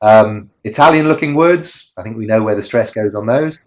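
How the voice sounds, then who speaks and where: A man's voice: fairly low pitch, normal speed, a little mellow, dull audio. A man giving an online webinar presentation on teaching pronunciation, explaining step by step and chanting rhythm drills.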